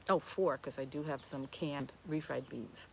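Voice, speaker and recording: A woman's voice: a bass voice, normal speed, vocal fry, a little mellow, slight background noise. A woman in her fifties hosting a live Q&A stream, chatting in a rambling way with lots of fillers and restarts as she answers viewer comments. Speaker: host of a plant-based cooking channel.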